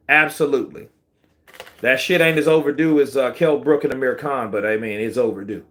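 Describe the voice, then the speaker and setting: A man hosts casual boxing commentary in a bright, sharp voice. He talks slangy and animated and answers viewer comments as he goes. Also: medium pitch, moderate pace. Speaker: boxing channel host.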